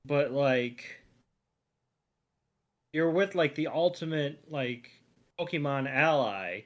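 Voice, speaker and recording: A man's voice: on the high side, takes it slowly. A man co-hosting a podcast, chatting casually through a cartoon episode with fillers and asides. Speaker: podcast co-host.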